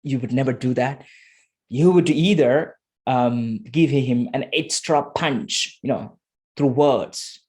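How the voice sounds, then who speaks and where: A man giving a motivational talk with a short guided exercise, emphatic and repetitive, slowing to soft guiding tones. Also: medium pitch. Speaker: motivational speaker.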